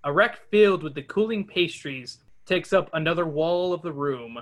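A podcast host with a fairly high voice reads a children's adventure book aloud at a moderate pace. He adds animated asides and does character voices.

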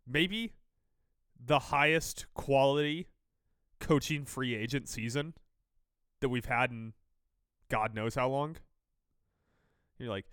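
A man's voice: medium pitch, dry recording, studio quality. A man co-hosting a sports podcast, giving strong opinions and teasing his partner in casual chat. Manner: opinionated, animated, quick to tease. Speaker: podcast co-host.

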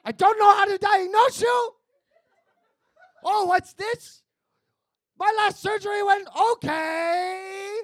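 A man voicing a bumbling male doctor who is bad at his job, shouting his lines with a laugh. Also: very high voice, steady tone, slow, pauses often, dry recording, heavily acted. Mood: blustering.

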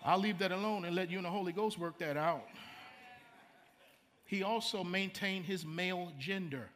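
A man's voice: sits high, moderate pace, fairly bright tone, slight background noise. A middle-aged man, preaching a sermon in a conversational way, repeating words and making asides to the congregation. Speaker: pastor.

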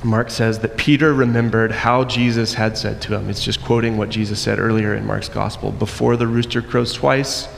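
A man preaching a sermon, acting out the quoted voices and moving between loud and soft passages. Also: lowish voice, little pitch movement, moderate pace, vocal fry, hardly any pauses. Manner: acts out quoted voices, varies loudness widely. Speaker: pastor. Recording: long echo in a hall, faint noise.

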